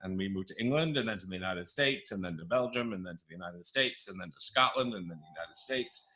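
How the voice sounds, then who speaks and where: A Canadian man in his fifties with a deep, animated voice speaks quickly in a pushed, bright tone. His accent is a mixed transatlantic one, and as an interview guest he chats playfully and pokes fun at himself, often restarting his sentences.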